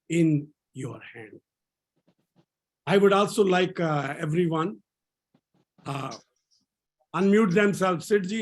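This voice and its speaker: High-voiced man leading laughter yoga. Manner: energetic, repeats phrases for the group to echo. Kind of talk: leading an online group session. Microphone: video call.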